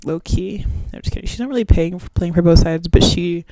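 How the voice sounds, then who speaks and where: Hosting her podcast alone, a twenty-something woman rambles a little fast, using casual slang and swearing without restraint. Her lowish voice is mellow, with no echo in the recording.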